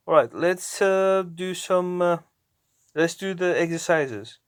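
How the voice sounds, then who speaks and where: A man narrating his own language lessons, talking slowly and haltingly and often correcting himself. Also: on the high side, smooth, no room sound. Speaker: language learner. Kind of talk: narrating app lessons aloud.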